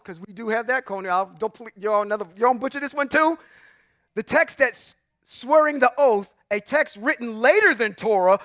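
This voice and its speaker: A man's voice: very high voice, a bit bright, no room sound, clean studio sound. A man giving an informal Bible teaching, emphatic and full of rhetorical questions, chuckling often and saying "y'all". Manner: informal, says y'all and come on now. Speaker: religious teacher.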